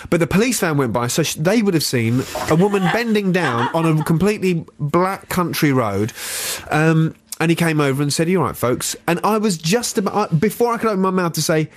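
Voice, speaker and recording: A man co-hosting a radio show, chatting casually, telling rambling jokey anecdotes and slipping into quick voices. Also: a little high, animated, slight background noise. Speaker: radio co-host. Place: radio studio. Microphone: studio mic.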